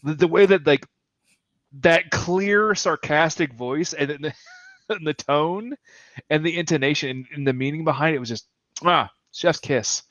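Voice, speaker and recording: Male podcast co-host, eager fan energy, lightly higher pitch, dry dull-sounding mic. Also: normal speed, a bit bright, no room sound. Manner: enthusiastic, quotes scenes, laughs. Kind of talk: casual movie discussion.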